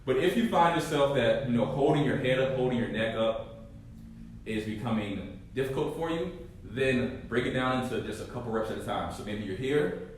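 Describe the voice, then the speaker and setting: A male fitness coach demonstrating core exercises, talking listeners through each move and often checking with a quick "right?". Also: mid-range voice, slight background noise. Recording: very echoey room, mic far off.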